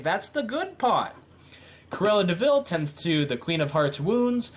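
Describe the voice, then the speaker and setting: A man reading out a simulation game's events and reacting to them with playful, animated commentary. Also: sits high, unhurried. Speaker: YouTube game commentator.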